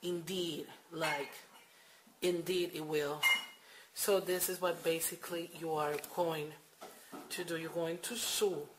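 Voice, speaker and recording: Woman, lowish voice, unhurried homemade crochet tutorial, faint noise behind. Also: little pitch movement. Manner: hesitant, filler-heavy, repeats steps. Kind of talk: casual how-to demonstration. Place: home at night.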